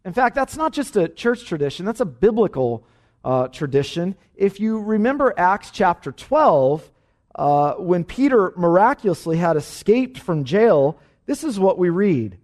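A man, a pastor, teaching an evening Bible study in an emphatic, animated way, with frequent "uh" fillers. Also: high voice, a little slow.

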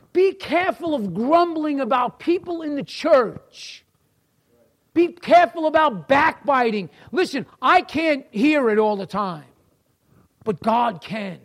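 A man's voice: very high voice, lively intonation, slow pace. A middle-aged man with a New York accent teaching a church class in a folksy sermon style, talking to listeners by name.

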